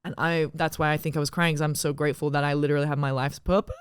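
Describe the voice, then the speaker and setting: A woman's voice: deep voice, little pitch movement, rapid-fire, clean tone, dry recording, studio quality. An Australian woman, a comedian, chatting on a podcast in a frank, emphatic way with plenty of swearing. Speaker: comedian guest. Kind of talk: casual podcast chat.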